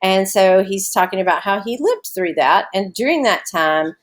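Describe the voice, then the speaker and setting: A woman's voice: mid-range voice, lively intonation, moderate pace. Southern US woman teaching a lesson. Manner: conversational, explaining step by step, asks students questions. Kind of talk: recorded remote lesson on a short story.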